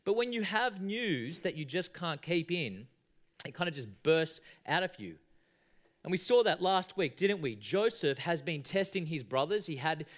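An Australian man in his thirties, an assistant minister giving a conversational sermon in a church with a joking tone and frequent fillers. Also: fairly high pitch.

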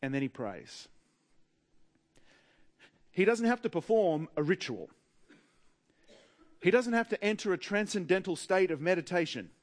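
A man with an Australian accent preaching a sermon in a wry, humorous way, with dramatic pauses. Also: high voice, very animated.

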